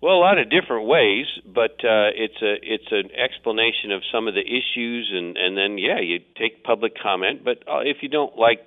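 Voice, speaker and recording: Low-voiced man on a phone line. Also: animated, normal speed, few pauses. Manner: rambling, meandering with restarts. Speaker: city official. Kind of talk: radio interview.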